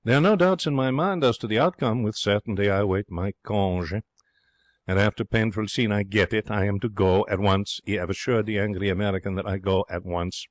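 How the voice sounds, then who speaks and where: Brief: male narrator as a romantic young Frenchman, theatrical, broken English, lowish voice, dry studio sound. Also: fairly quick, no echo, natural voice. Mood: excitable. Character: excitable young Frenchman, romantic would-be artist. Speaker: audiobook narrator. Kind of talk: audiobook reading.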